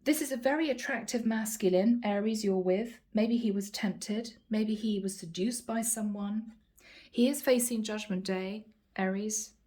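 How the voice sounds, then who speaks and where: Mellow-voiced woman reading tarot cards. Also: medium pitch, moderate pace, few pauses. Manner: earnest, addresses viewers as guys. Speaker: tarot card reader.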